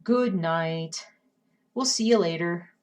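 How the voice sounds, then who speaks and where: A woman's voice: fairly low pitch, takes it slowly, a little mellow, far from the mic. A woman chatting casually with her live-stream viewers while she cross-stitches, often muttering to herself as she works. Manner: chatty, talks to herself and chat while working.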